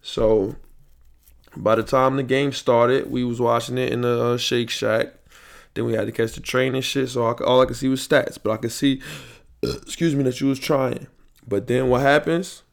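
A man's voice: mid-range voice, steady tone, normal speed, vocal fry. A young man hosts his own podcast and rants about a loss. He talks in a heated, profane, repetitive way, circling back to the same complaints over and over. His voice sits in a middle range for a man. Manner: angry, profane, repetitive ranting. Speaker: podcast host. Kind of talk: solo podcast rant. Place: home podcast setup, late at night. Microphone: headphones and studio mic.

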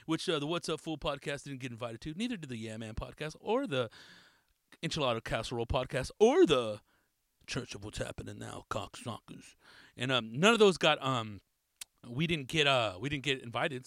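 A casual male podcast host rattling off shout-outs, cursing freely and laughing along the way. His voice sits a little high and comes across bright and forceful. The sound is dry and close. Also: smooth, no echo. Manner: loose, profane, laughing.

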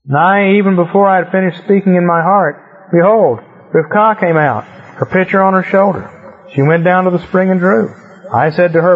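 Brief: male Bible teacher, slightly high husky voice, reads verses then chats about them; lo-fi. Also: a little fast. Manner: reads verses, then explains in relaxed asides. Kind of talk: scripture reading with casual commentary. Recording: muffled lo-fi recording.

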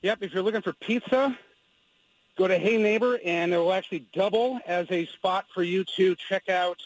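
High-voiced man calling in with tips. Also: normal speed, a little hiss or hum, rough recording. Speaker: caller giving local tips. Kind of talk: casual radio call-in.

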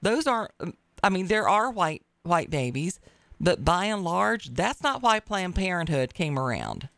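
A woman's voice: on the low side, sing-song, unhurried, vocal fry, a bit bright, dry recording. A woman hosting a talk radio show who speaks in a blunt, emphatic, wry way. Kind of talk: opinionated talk radio chat.

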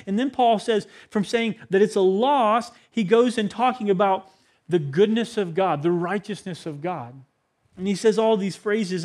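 A man in his thirties, a pastor, preaching a conversational sermon to a congregation and asking the room questions. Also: high-pitched. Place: church hall with a congregation.

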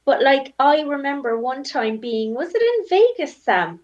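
A woman's voice: high voice, big pitch swings, measured pace, distant mic, background noise. A woman, chatting casually and telling stories full of "like". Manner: chatty storyteller, lots of "like". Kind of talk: casual chat. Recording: dull lo-fi sound.

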